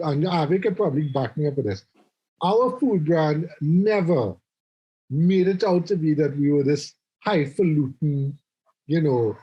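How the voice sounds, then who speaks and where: A man hosts a relaxed podcast panel in a high, husky voice with a mellow, dark tone. He talks in an opinionated, chatty way and often restarts his sentences before carrying on. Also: lo-fi sound. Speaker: podcast host. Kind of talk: casual panel chat.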